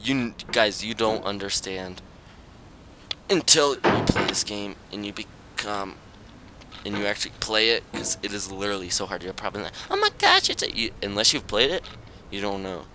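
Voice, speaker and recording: A young man commenting on his own gameplay, pleading with himself and muttering, with sudden high yelps when things go wrong. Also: moderate pace. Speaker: gaming channel host. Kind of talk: let's-play commentary. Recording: loud background noise.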